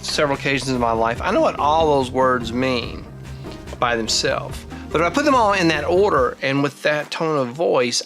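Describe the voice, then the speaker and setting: A man's voice: mid-range voice, a bit bright. A man in his forties hosting his own vlog, talking casually and thinking aloud with frequent restarts. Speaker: vlog host. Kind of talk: casual talking-head monologue.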